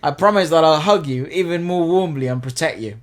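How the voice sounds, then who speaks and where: A man's voice: fairly high pitch, fairly quick. A man co-hosting a casual music reaction chat, reading song lyrics aloud and cracking jokes, swearing now and then. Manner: swears casually, jokey, uses British slang. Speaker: co-host reacting to music videos.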